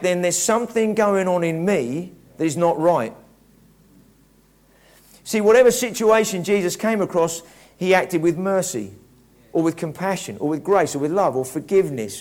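Reflective preacher, fairly high voice. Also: male voice. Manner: conversational, reflective, many restarts. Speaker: pastor. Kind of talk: sermon.

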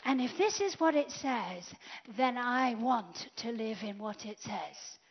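High-voiced woman preaching with big swings. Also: lively intonation, slow, breathy edge. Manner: dynamic, swinging from loud to hushed whispers. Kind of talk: sermon. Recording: dull lo-fi sound.

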